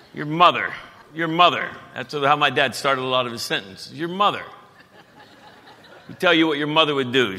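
A folksy pastor in his fifties with a lilt, telling stories and jokes from the pulpit. His voice is bright and forward, and a long church-hall reverb trails after it. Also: mid-range voice. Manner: folksy, joking, animated storytelling. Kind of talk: sermon. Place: church auditorium.

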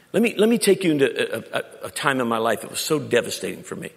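A middle-aged preacher with a low voice delivers a storytelling sermon. He swings from loud emphasis to near-whispered confession. The long reverb of a large hall trails after his words. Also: expressive, quick pace, creaky, hardly any pauses. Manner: storytelling preacher, shifting between loud emphasis and quiet intimate tones. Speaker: pastor. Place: church sanctuary.

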